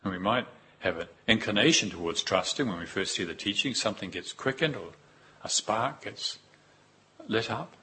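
A man giving a Buddhist dharma talk, unhurried and reflective, with pauses and repeated phrases. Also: lowish voice, animated, pushed and bright, a little hiss or hum. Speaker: Buddhist teacher.

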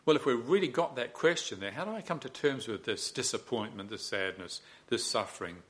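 A man teaching meditation at a retreat, giving a dharma talk with gentle humor and acted-out inner voices. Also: mid-range voice, animated, fairly quick.

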